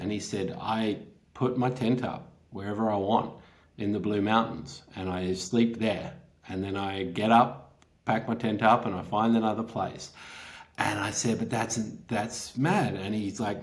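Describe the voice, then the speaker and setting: A man's voice: on the low side, lively intonation, moderate pace. A man, a writer, telling an anecdote as a guest, laughing often and acting out the quotes. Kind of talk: anecdotal storytelling in an interview.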